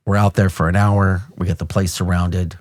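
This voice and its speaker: A deep, low-pitched American man in his fifties tells a story from his years as a police officer. He is blunt and animated, swears casually, and acts out the sounds of the scene. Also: moderate pace. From United States. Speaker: podcast host, retired police officer. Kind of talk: conversational storytelling.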